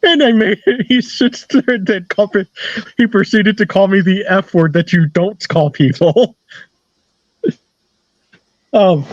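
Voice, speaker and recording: A man's voice: sits high, measured pace, long pauses, no room sound. A man telling casual stories as an interview guest, rambling, repeating phrases and laughing at his own tales. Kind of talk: casual storytelling. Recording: dull lo-fi dry recording.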